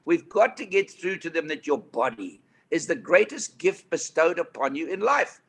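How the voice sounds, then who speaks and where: A man in his eighties with a South African accent, telling anecdotes as an interview guest in a lively, animated way. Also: on the high side, normal speed, husky. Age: 80s. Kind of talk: storytelling interview. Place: indoor studio couch.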